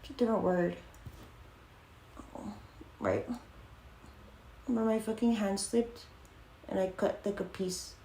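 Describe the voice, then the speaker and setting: A woman's voice: medium pitch, fairly even intonation, takes it slowly, gravelly, pauses often, warm tone, slight background noise. A young woman streaming live, chatting casually in a rambling way full of fillers and swearing. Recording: echoey room.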